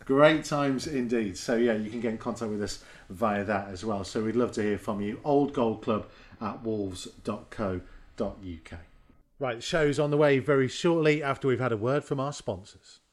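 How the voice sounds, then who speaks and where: A man's voice: medium pitch, normal speed. Joking man hosting a podcast. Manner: chatty, joking, self-mocking. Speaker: podcast host. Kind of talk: casual podcast chat.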